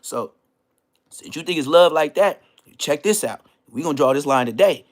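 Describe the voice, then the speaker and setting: A man tells a story in a loose, slang-filled rant. His voice sits a little high and swings widely in pitch. He bursts into loud exclamations as he talks. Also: lively intonation, moderate pace. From Inglewood, Los Angeles.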